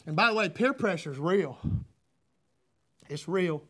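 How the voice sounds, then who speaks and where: A man preaching a sermon, loud and folksy with fervent emphasis. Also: high-pitched, lively intonation, measured pace. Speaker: pastor.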